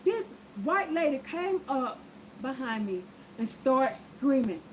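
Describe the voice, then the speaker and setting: A woman vlogger telling a personal story to her viewers in a lively, preachy way, acting out what people said. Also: high voice, slow, slight background noise, rough recording. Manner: animated, acts out quotes in voices; preachy, addresses viewers directly. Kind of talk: casual storytelling testimony.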